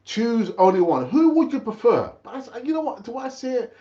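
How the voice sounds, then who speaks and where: A man's voice: very high voice, big pitch swings, a little fast, warm tone. A man hosting a football fan live stream, chatting with viewers, calling them brother and often repeating his words. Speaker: fan channel host. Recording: dull, lo-fi stream audio.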